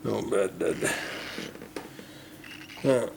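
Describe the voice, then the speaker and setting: A man keeping pet birds, cooing at them in soft baby talk and often dropping to a hush in a casual vlog. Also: on the low side, extremely slow, gravelly, slight background noise. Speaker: pet bird keeper.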